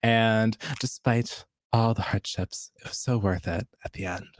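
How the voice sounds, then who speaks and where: A man's voice: lowish voice, fairly even intonation, measured pace, dry recording, studio quality. A man juror on a video call, speaking casually, joking and laughing through a brief speech. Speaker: jury member.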